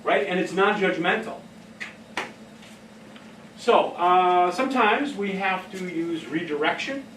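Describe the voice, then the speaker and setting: A middle-aged man giving a casual talk on behavioral care, telling stories in an animated way and laughing often. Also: high voice, takes it slowly, slight background noise. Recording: echoey room from far off.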